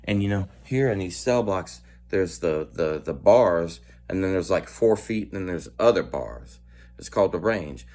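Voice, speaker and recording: A man's voice: low voice, expressive, moderate pace, a little mellow. A man telling a personal anecdote in a blunt, conversational way, full of profanity and asides. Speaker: storyteller.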